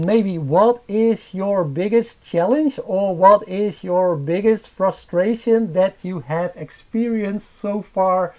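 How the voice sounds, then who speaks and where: Dutch-accented male host, hesitant live-stream delivery, soft dark timbre, budget microphone. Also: sits high. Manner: hesitant, many filler sounds and restarts. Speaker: astrophotography channel host. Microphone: cheap microphone.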